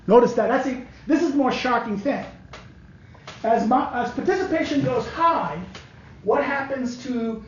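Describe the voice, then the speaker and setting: A man, a political science professor, giving a halting classroom lecture with many restarts while walking through diagrams. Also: very high voice. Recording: muffled lo-fi lecture recording.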